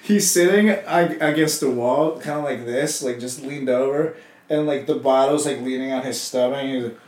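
A young man hosting a casual chat, telling stories in an animated way, swearing and acting out quotes. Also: mid-range voice, normal speed, echoey room.

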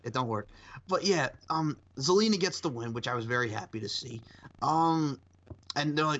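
A man's voice: medium pitch, brisk. Rambling man host, dull lo-fi sound. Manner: animated, rambling, swears and laughs often. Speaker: podcast host. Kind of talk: casual chat.

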